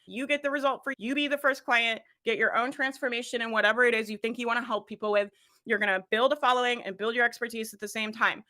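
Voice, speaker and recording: A woman giving an energetic motivational coaching talk as a business coach, laughing often and addressing listeners directly. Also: on the high side, fast talker.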